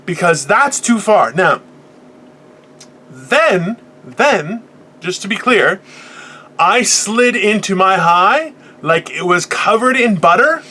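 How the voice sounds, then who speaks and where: A man's voice: sits high, sing-song, slow, bright, forceful tone. A man in his forties hosting a podcast, delivering a profane, boisterous comedic motivational rant. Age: 40s. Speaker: podcast host.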